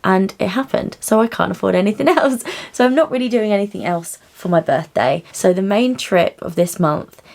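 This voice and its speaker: A young woman who works as cabin crew, chatting excitedly to camera in a casual vlog. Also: medium pitch, moderate pace, creaky, hardly any pauses. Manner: bubbly and chatty, often squealing with excitement.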